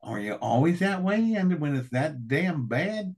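A man's voice: a little high, big pitch swings, unhurried, darkish tone, pitched above the performer's own voice, heavily acted. A man putting on a navy intelligence officer who talks with emphatic disbelief in a raised voice. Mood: amazed. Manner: emphatic, incredulous. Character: astonished male naval intelligence officer.

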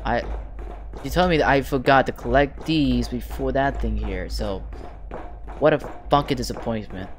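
A man's voice: medium pitch, normal speed. Grumbling, swearing young man gaming. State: angry. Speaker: gaming channel host. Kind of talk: gameplay commentary.

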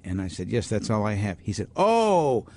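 Talking fast in a lowish voice, this older man, both doctor and author, spins lively stories for an interviewer. He imitates the people he quotes and keeps restarting his sentences.

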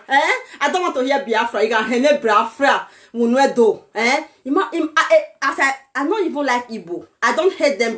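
A Nigerian woman with a Nigerian accent, delivering an impassioned political rant to her viewers, shouting and pleading. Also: a little high. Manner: shouting, pleading, breaks into laughter. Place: lives abroad in Europe.

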